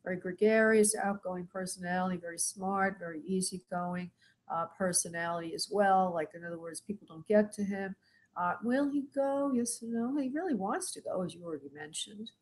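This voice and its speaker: A woman's voice: mid-range voice, fairly quick. A middle-aged woman, a spirit medium, gives live readings to callers, calling them sweetheart and honey and asking spirit yes-or-no questions. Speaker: spirit medium hosting a call-in show.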